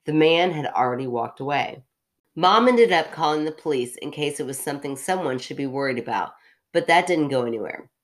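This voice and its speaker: A woman with a low voice reads a story aloud on a podcast. She keeps breaking off into chatty, self-interrupting asides and laughs at herself. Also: animated, brisk. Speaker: podcast host reading a story.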